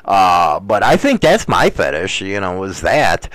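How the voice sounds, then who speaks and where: A man hosting a casual chat, answering viewer questions in a crude, profane, rambling way full of "uh" fillers. He often swings into loud rants. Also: low voice, wildly swooping pitch, unhurried, no room sound, low-quality recording.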